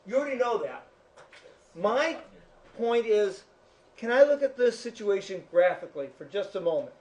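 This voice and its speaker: Male teacher, high voice, lecturing a class in a chatty, joking way, echoey room, far-off mic. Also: big pitch swings, normal speed, darkish tone. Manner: chatty, jokes with students.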